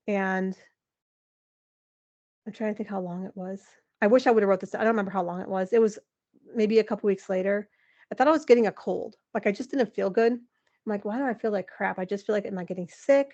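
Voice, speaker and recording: A woman in her forties, a podcast guest, telling a personal story in an animated, emotional way, with lots of "like" and some laughter. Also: medium pitch, muffled recording. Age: 40s. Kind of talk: candid interview storytelling.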